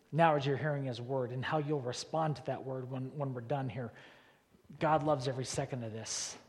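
A man, a pastor, preaching a sermon in a church, leaning hard on repeated words and rising to loud, forceful peaks. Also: a little high. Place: church sanctuary. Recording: long reverb of a large church hall.

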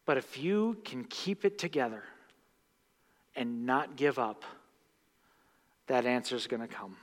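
A man preaching a sermon as pastor, impassioned, swinging from hushed words to loud bursts. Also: medium pitch, expressive, slow pace. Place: church sanctuary. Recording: long reverb of a church hall.

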